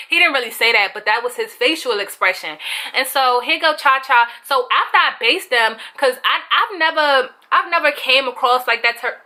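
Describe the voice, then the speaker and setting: A young woman vlogger telling an animated storytime, swearing freely and acting out quotes with a raised voice. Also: high-pitched. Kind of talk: casual storytime.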